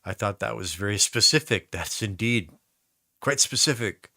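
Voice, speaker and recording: An American man tells meandering stories during a live stream, circling back and restarting his sentences as he goes. His voice has a bright, forward edge. The sound is dry and close, with no room around it. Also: fairly low pitch, moderate pace, creaky, no echo. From United States. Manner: rambling, chatty storytelling with many restarts. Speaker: musician streaming a recording session. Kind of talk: casual live-stream chat.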